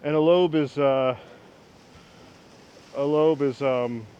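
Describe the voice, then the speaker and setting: A man's voice: fairly even intonation, slow, dark tone, clear, resonant tone, highs cut off. Rambling man chatting outdoors in wind. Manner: rambling, self-mocking, chuckles often. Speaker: woodworking vlogger. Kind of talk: casual outdoor demo chat. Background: wind rumble.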